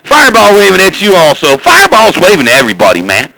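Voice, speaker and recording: A man chattering on CB radio as the channel's host, boastful and loud, hailing others over and over. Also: high voice, wildly swooping pitch, quick pace, vocal fry, few pauses, no room sound, low-quality recording.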